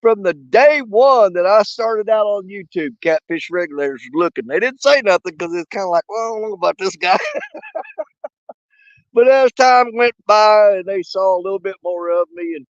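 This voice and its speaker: Coughing folksy man with a bright voice. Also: sits high, lively intonation, no echo. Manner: folksy, laughs often, drawn-out shoutouts. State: sick with a cough and fever. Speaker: fishing channel host. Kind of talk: casual live chat shoutouts. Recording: dull, dry, lo-fi sound.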